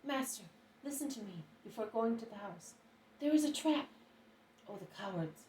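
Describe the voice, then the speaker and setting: A woman's voice: medium pitch, moderate pace, creaky, dark tone, a little hiss or hum, lightly acted. A woman voicing an alarmed young male disciple who talks urgently, in exclamations, in a roomy recording from a distant mic. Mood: frantic.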